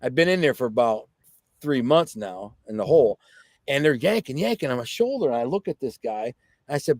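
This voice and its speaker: Man telling his story straight, blunt street talk, middle pitch, dead dry sound. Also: big pitch swings, brisk, darkish tone, no echo. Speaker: podcast guest. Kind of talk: personal storytelling.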